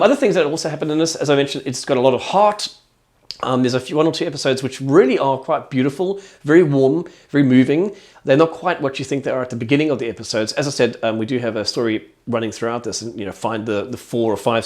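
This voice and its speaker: A man's voice: mid-range voice, a little mellow. A man giving an enthusiastic, rambling casual review of a TV show.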